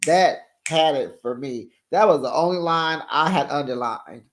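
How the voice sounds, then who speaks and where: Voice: mid-range voice, moderate pace, a little hiss or hum. A sassy, gossipy host giving a casual recap of a reality TV episode and talking straight to viewers.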